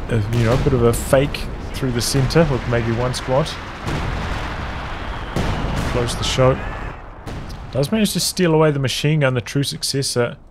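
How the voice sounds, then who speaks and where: Calm guy casting a strategy game, breaks it down, gunfire and artillery clear behind him. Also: mid-range voice, moderate pace, long pauses, background noise. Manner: calm, analytical, even-paced. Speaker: game caster. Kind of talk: strategy game play-by-play commentary. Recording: commentary over loud game sound. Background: gunfire, artillery and vehicles.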